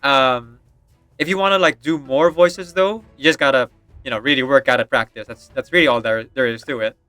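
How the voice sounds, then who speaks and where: A man's voice: mid-range voice, brisk, bright, forceful tone, no room sound. A man chatting casually while streaming a game, rambling with lots of fillers and frequent laughter, with faint game music behind. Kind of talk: casual chat while gaming.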